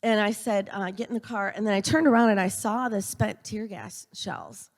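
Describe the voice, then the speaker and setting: A woman's voice: mid-range voice, moderate pace. A middle-aged woman tells stories in an earnest speech at a church gathering, stumbling a little with fillers and restarts. Her mid-range voice hangs in a long church reverb. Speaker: speaker at a church event for a university.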